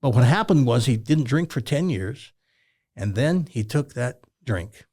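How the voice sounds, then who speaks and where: In a husky, medium-pitched voice that moves a little slowly, an older Southern man from Tennessee who once hosted talk radio shares folksy stories in an interview. He comes across as an animated, down-home storyteller.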